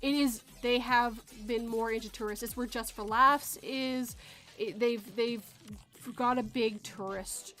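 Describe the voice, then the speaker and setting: A woman's voice: fairly high pitch, steady tone, unhurried, fairly bright tone. A woman from Canada hosting a casual podcast chat, rambling and correcting herself as she goes, often laughing. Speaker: podcast host.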